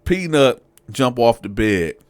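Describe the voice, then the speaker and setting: A man at an average pitch tells a story in a casual, animated way. He curses freely and keeps turning to address his listeners directly. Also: takes it slowly, no room sound. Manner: profane, animated, addresses viewers. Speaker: show host, storyteller.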